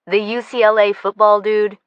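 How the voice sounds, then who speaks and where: A woman's voice: medium pitch, little pitch movement, normal speed, clear, resonant tone, dry recording, dull audio, close to an everyday voice. A woman voicing a blunt, brash young woman friend who teases freely, in an audiobook. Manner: brash, teasing.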